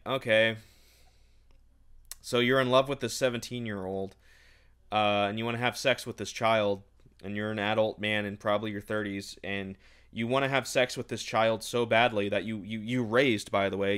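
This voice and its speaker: A man's voice: lowish voice, steady tone, normal speed, a bit bright, clear, resonant tone. A man recapping a novel in a casual, sarcastic and exasperated rant. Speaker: book reviewer.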